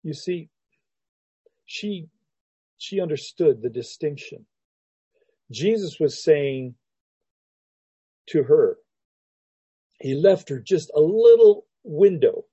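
A male pastor preaching slowly, taking his time over each verse. His voice is very dark and mellow with a husky edge. The recording sounds dull and lo-fi. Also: a little high, animated, dry recording. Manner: unhurried and reflective, with frequent restarts and soft laughs. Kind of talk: sermon, teaching verse by verse.

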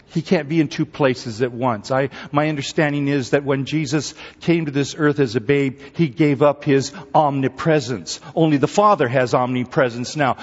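A man's voice: fairly high pitch, breathy edge. Man preaching with an easy, teasing manner. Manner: lively and conversational, teasing the congregation. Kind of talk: sermon. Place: church. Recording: echoey hall, dull sound.

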